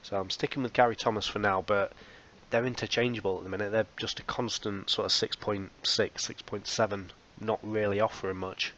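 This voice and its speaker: A low-voiced man narrates his football management game in casual commentary. His humor is wry and self-mocking. The recording sounds dull and lo-fi. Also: fairly even intonation, brisk, a bit bright. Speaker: let's play host.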